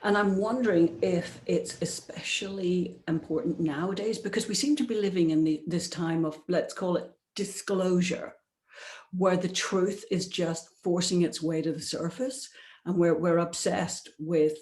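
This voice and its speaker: A woman's voice: fairly low pitch, steady tone, moderate pace, darkish tone. A woman hosting an interview, affirming her guest and asking long, thoughtful questions. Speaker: interview host. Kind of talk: conversational interview. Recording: roomy echo.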